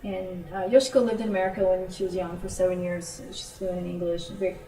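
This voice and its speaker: A woman's voice: fairly low pitch, fast talker. Woman telling stories to a church group. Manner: storytelling, animated when quoting friends. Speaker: missionary speaker. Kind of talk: informal talk to a church group. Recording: roomy, from a distance.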